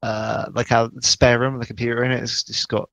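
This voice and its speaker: A man's voice: mid-range voice, flat delivery, a little fast, vocal fry, a bit bright, dry recording. A man co-hosting a podcast from the spare room where he keeps his computer, dropping dry quips in casual chat. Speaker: podcast co-host.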